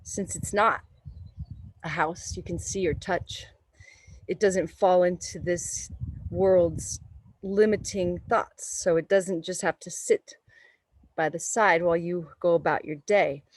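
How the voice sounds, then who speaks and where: Woman yoga teacher, low calm voice, slow meditative cues, dry close sound. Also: no room sound, rough recording. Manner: slow, soothing, meditative guidance. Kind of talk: guided yoga class instruction. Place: yoga studio.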